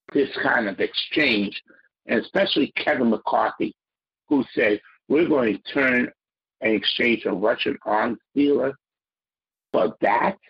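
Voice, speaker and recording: A man's voice: mid-range voice, gravelly, husky, muffled recording. A man giving emphatic political commentary as a panelist, stressing and repeating key words.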